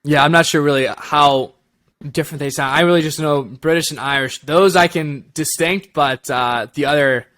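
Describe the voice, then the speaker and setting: A man with a slightly higher voice chats loosely as co-host of a review show. He laughs a lot and rambles in an animated way. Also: moderate pace, a little hiss or hum. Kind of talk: casual review chat.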